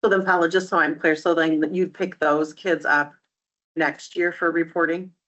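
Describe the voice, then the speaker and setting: A man's voice: a little high, level tone, moderate pace, bright, forceful tone. A man at a public board meeting who asks clarifying questions and answers with hesitant fillers. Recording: dull lo-fi meeting recording.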